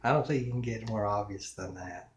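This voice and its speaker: In a casual solo vlog, a man rambles to camera, musing with chuckles and slow, drawn-out words. His voice is lowish, and the room echoes.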